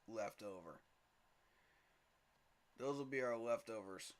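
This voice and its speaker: A man's voice: fairly low pitch, a bit bright. A man hosting a casual solo livestream, thinking aloud in a tired, muttering way and often repeating himself. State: tired, yawning. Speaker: fan podcast host.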